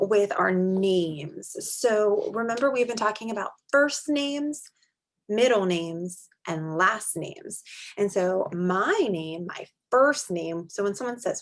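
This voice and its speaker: A young adult woman teaching a small group of young children in a slow, sing-song manner with drawn-out words. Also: mid-range voice. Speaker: preschool teacher.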